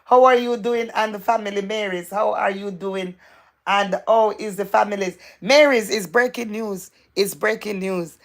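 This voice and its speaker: Excitable woman host with a gravelly voice. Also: mid-range voice, normal speed. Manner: excitable, repetitive, gossipy, laughs often. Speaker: livestream host. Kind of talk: live chat reading out viewer comments.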